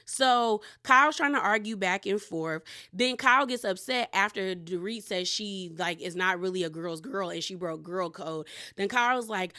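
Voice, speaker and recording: A woman's voice: medium pitch, normal speed, bright, forceful tone. Chatty woman recapping reality TV gossip. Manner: chatty, gossipy, frequent "like" and "girl". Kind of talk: casual recap chat.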